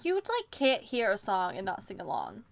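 A woman's voice: medium pitch, wildly swooping pitch, normal speed, vocal fry. A young woman reading fan fiction aloud in a playful, dramatic manner, with commentary. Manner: playful, dramatic, laughs often. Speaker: reader.

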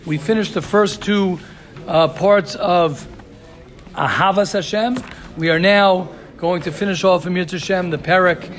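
In his Torah class, a high-voiced man rushes through the Hebrew reading and then explains it with real excitement. "Right?" and "you hear this?" pop up often.

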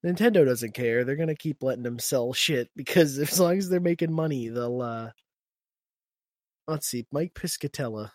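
A man's voice: medium pitch, moderate pace, a little mellow, dry recording. A man co-hosting a podcast, sarcastic and jokey, breaking into laughs and swearing as he talks. His voice sits in a middle range on a dry, close mic. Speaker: podcast co-host. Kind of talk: casual podcast banter.

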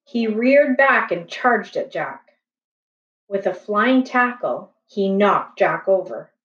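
A woman reading a children's chapter book aloud in a slow, gentle, expressive way. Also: medium pitch. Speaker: storybook reader. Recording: echoey room, distant, slightly dull.

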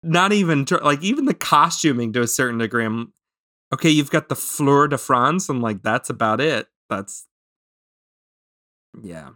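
A man's voice: mid-range voice, lively intonation, moderate pace, pushed and bright, no echo, clean studio sound. A man co-hosting a podcast, chatting casually with a rambling, hesitant manner. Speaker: podcast co-host.

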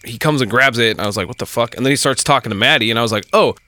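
A man in the middle of a rambling bar story, talking loosely and swearing often. He jumps in and out of quoted voices, pushing his pitch well up to play the other people. His pitch sits in an ordinary middle range. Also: rapid-fire. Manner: profane, animated, acts out quoted voices. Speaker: bar worker telling a story. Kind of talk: casual storytelling chat.

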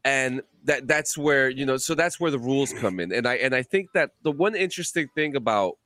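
A man in casual chat, telling a lively story full of swearing and acted-out voices. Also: mid-range voice, fairly quick, dry recording. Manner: animated storyteller, swears a lot, acts out voices.

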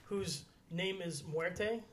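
A man's voice: high-pitched, extremely slow, fairly bright tone. A man co-hosting a podcast who moves the list along in casual chat. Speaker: podcast co-host running the list.

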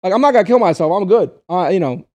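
A young man talks fast in casual podcast chat and swears freely as he tells a work story. His voice sits a little high, with a mellow tone. The room is dry and close. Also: lively intonation, no echo, lo-fi sound. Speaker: podcast co-host.

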